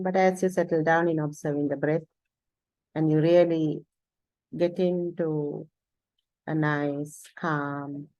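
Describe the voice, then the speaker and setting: A woman leading a meditation lesson, speaking slowly with long deliberate pauses, soft fillers and gentle self-corrections. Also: sits low, dry recording, rough recording. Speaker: meditation teacher. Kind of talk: guided meditation talk.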